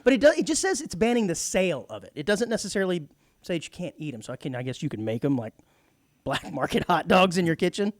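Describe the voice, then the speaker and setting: A man's voice: sits high, very animated, quick pace, no echo. A man co-hosting a radio talk show, reading news items and trading dry, teasing quips in casual chat. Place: radio studio.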